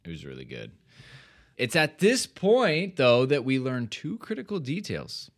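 A man's voice: medium pitch, wildly swooping pitch, measured pace. A man co-hosting a casual podcast recap, rambling through his points with many fillers and trailing sentences. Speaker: podcast co-host.

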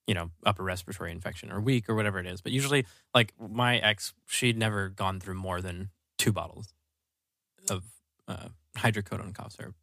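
A young man co-hosting a podcast, telling animated stories, swearing and laughing. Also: on the low side, brisk, creaky, no echo, studio quality. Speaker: podcast co-host. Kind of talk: casual storytelling chat.

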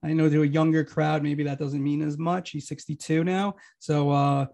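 A man co-hosting a sports media podcast in casual chat, quick and teasing as he argues his points. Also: fairly high pitch, little pitch movement, creaky, mellow.

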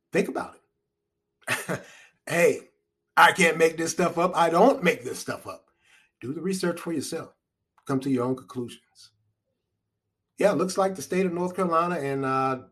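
Husky man musing aloud. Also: medium pitch. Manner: conversational, rambling with restarts, wry chuckles. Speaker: commentator. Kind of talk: solo spoken commentary.

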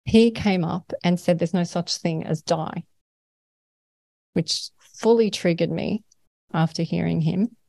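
A woman's voice: lowish voice, a little slow, creaky, long pauses, dark tone, no echo. An Australian woman, a guest in an interview, talking earnestly and at length about her experiences, often laughing between thoughts. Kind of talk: conversational interview.

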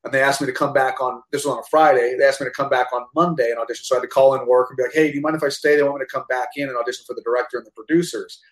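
A man, a guest actor, telling a story in casual chat, animated and profane with lots of restarts. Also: mid-range voice, racing, hardly any pauses, echoey room, low-quality recording.

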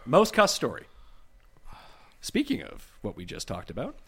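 A man's voice: medium pitch, huge pitch swings, unhurried, a bit bright, slightly rough. A man co-hosting a podcast, reading out award results and teasing his co-host. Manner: teasing, prompting.

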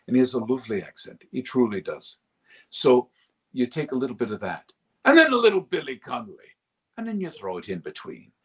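A man with a slightly rough, mid-range voice is a voice actor being interviewed as a guest. The chat is casual, and he talks with lots of energy, dropping into character voices throughout.

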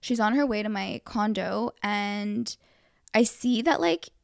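A woman's voice: medium pitch, a little slow, vocal fry, no echo, clean studio sound. A young woman co-hosting a podcast who tells a story in casual chat. She rambles with plenty of fillers and sounds frustrated as she retells it. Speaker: podcast co-host.

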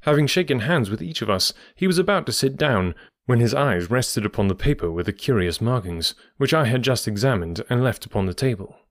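Guy reading an old detective story aloud, mid-pitch, steady, super dry close mic. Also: a little fast, hardly any pauses, no echo. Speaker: audiobook narrator. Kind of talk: scripted first-person audiobook narration.

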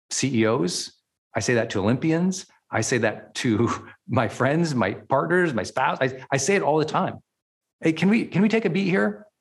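A man hosting a motivational podcast and teaching as a coach. He speaks emphatically, repeats key words and often checks in with "right?". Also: mid-range voice.

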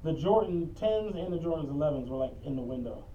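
High-voiced Philly man telling a wild story. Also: brisk, a little hiss or hum. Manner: animated, profane, acts out quotes. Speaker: podcast co-host, bus driver. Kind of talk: casual storytelling chat. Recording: muffled lo-fi audio from a distant mic.

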